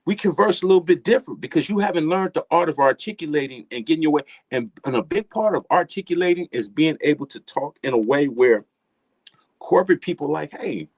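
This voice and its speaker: A man's voice: fairly high pitch, expressive, fairly quick, no echo. A middle-aged man talking casually as a guest, giving emphatic, preachy advice in street slang and repeating phrases for effect. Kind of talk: casual motivational talk.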